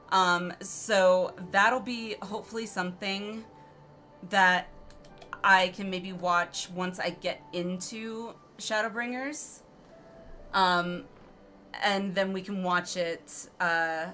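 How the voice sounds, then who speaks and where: Slow-talking giggly woman streamer. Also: lowish voice, fairly even intonation, sharp tone, faint music behind. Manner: chatty and giggly, rambling with many fillers. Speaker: game streamer. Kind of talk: casual let's-play commentary.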